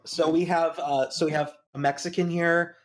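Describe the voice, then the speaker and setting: Deadpan joking man. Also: a little high, moderate pace. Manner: deadpan ironic jokes. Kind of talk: casual chat.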